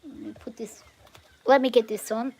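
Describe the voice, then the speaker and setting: Chatty Australian woman, a bit high. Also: steady tone, moderate pace, gravelly, dark tone, breathy edge, low-quality recording. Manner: chatty, rambling, easygoing. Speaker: hobby farmer. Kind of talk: casual vlog chat while doing farm chores. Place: outdoors on a small hobby farm.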